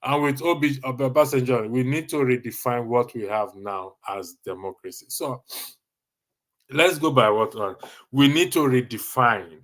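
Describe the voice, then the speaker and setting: A man's voice: mid-range voice, moderate pace, fairly bright tone. A Nigerian man hosting a casual live stream, reading viewer comments with a jokey, teasing manner and frequent laughter.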